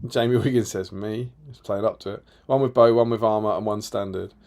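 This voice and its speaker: A man's voice: fairly low pitch, fairly even intonation, fairly quick, a little mellow. A man co-hosting a casual live stream, reading viewer comments aloud with a chatty, laughing manner. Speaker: co-host reading chat comments.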